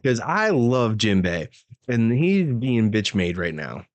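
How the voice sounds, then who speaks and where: A man's voice: on the low side, very animated, slow. A man hosting a live manga reaction, reading the dialogue aloud and reacting with casual, slangy, profane comments.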